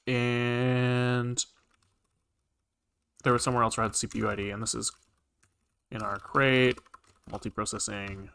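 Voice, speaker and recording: A man's voice: mid-range voice, level tone, measured pace, gravelly, long pauses, a bit bright, slight background noise. A man streaming live coding, rambling casually with lots of fillers and the odd swear as he thinks aloud. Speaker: programming streamer.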